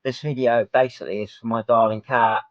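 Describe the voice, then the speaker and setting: A man's voice: mid-range voice, fairly even intonation, fairly quick, dry recording, muffled recording. A man talking frankly to camera in a personal vlog, rambling with many filler ums. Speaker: vlogger.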